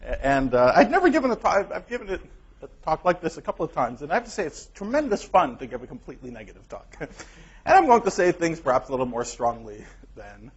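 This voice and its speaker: A man giving an academic colloquium lecture in a hall with a clip-on mic, emphatic and energetic, often laughing at his own remarks. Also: on the high side, fast, breathy edge. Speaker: guest lecturer. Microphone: clip-on microphone. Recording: dull lo-fi lecture recording.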